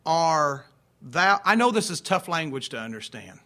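A man's voice: on the high side, sing-song, moderate pace, pushed and bright. A man in his forties, a pastor, preaching a folksy, conversational sermon full of rhetorical questions. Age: 40s.

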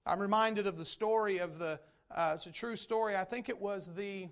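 A man's voice: high voice, moderate pace, fairly bright tone. A man preaching a sermon as a Baptist pastor, emphatic and repetitive. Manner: emphatic preaching with repeated phrases.

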